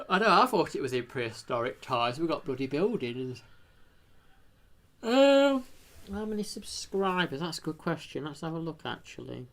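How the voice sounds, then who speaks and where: A gravelly, mid-range voice belongs to a British man rambling through a casual live stream. He breaks into abrupt excited exclamations and takes time to thank chat viewers.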